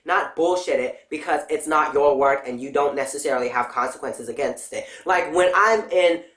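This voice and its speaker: Young woman ranting bluntly in a roomy space. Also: low voice. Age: young adult. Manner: profane, blunt, animated ranting. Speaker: vlogger. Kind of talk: casual ranting vlog. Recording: roomy echo.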